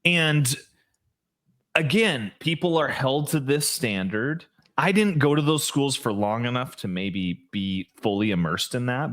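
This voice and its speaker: A man co-hosting a podcast, telling stories in casual chat with lots of "like" and restarts. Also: mid-range voice. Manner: animated storyteller, lots of "like" and restarts. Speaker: podcast co-host.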